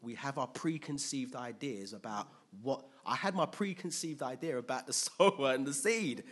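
A man preaching an animated, storytelling sermon. His pitch leaps around, and his tone is bright and forceful. The voice carries a husky edge. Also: moderate pace, hardly any pauses. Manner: animated, storytelling, acts out scenes.

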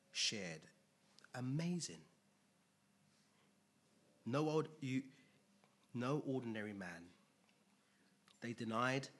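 A man preaching a sermon in a conversational way, dropping to quiet asides and rising to loud emphatic bursts. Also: medium pitch, husky.

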